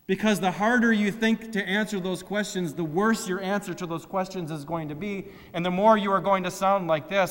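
A man's voice: sits high, moderate pace, hardly any pauses, fairly bright tone. Man preaching with long church reverb. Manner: rhetorical questions, acts out quoted complaints. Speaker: pastor. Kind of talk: sermon.

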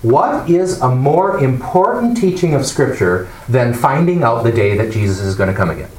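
Animated man teaching a Bible class. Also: mid-range voice, normal speed. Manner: animated, explanatory, asks the class questions. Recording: echoey room, mic far off, faint noise.

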